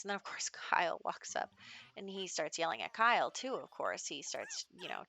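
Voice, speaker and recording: A woman's voice: mid-range voice, expressive, moderate pace, vocal fry, bright, forceful tone. A woman hosting a gaming channel, narrating a life-sim storyline in a chatty way, with lots of fillers. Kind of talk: let's play narration.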